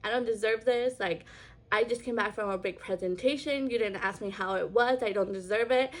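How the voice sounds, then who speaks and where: A woman's voice: medium pitch, fairly quick, lightly acted. A woman voicing an indignant, defensive wife while retelling a story, speaking in a huffy, offended way.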